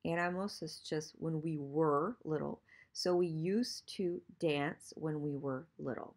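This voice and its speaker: A woman teaching Spanish grammar in an online lesson, patiently repeating examples and slowing down for practice sentences. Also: low voice, a little mellow.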